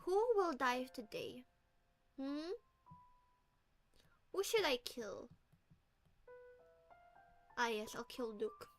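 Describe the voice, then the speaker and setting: A woman streamer in casual live-stream chat, hoarse, giggling and swearing often with playful mock menace. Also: sits high, big pitch swings, very slow, pauses often, faint music behind.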